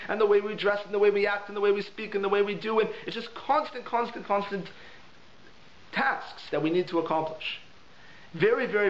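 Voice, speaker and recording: Male rabbi, lively teaching style with heavy repetition; high voice, muffled lo-fi recording with faint hiss. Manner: animated, repeats words for emphasis. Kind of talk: holiday Torah lesson with storytelling. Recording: echoey room, dull lo-fi sound, faint hiss.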